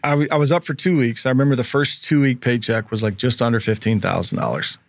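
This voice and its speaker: A man's voice: mid-range voice, quick pace, gravelly, no room sound. A man in his thirties, a former pro athlete as podcast guest, telling a long story casually and acting out the people he quotes.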